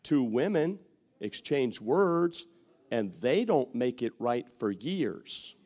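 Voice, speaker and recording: A man preaching a sermon, bantering with the congregation, repeating phrases for emphasis and sometimes shouting. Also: medium pitch, very animated, takes it slowly.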